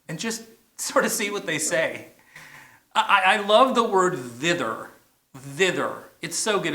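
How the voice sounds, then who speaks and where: A man's voice: on the high side, bright, forceful tone, echoey room. A man preaching a sermon as pastor, playful, stretching out single words for emphasis. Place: church, message shown on a big screen outdoors.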